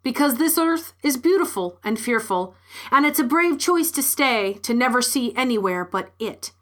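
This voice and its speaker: A woman's voice: a little high, animated, normal speed, close to an everyday voice. A coaxing alien oryx, as a woman puts it on.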